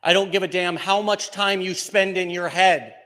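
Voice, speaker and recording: A man with a fairly high voice gives a live motivational talk at an event. He is energetic and jokey, punching some lines out loud and dropping others almost to a hush. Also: moderate pace. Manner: energetic, joking, swings from loud to hushed. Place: event venue.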